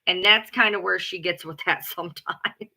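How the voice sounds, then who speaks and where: A woman rants casually to her followers in a very bright, forceful voice. She is blunt and profane and hammers her points home by repeating them. She talks like the loud, take-charge person she says she is. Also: fairly low pitch, normal speed, gravelly. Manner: blunt, profane and emphatic, often repeating herself; loud, self-described alpha female. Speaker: live streamer. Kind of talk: casual ranting chat.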